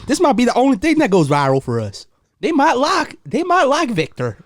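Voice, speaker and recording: A man's voice: extremely high pitch, huge pitch swings, a little fast, dry recording, studio quality. A man co-hosting a podcast in casual joking chat, teasing and profane, with mock-angry outbursts. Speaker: podcast co-host.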